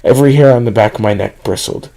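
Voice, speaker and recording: A man narrating a first-person horror story at a steady reading pace. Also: lowish voice, fast, vocal fry, low-quality recording.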